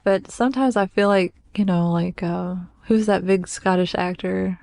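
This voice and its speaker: A woman with a Kentucky accent chatting as a podcast co-host. She giggles through her lines and keeps them light. Her voice sits at a middle pitch and sounds dry, close to the mic. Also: fairly even intonation, moderate pace, creaky, darkish tone, no echo. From United States. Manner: giggly, laughs often. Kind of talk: casual chat.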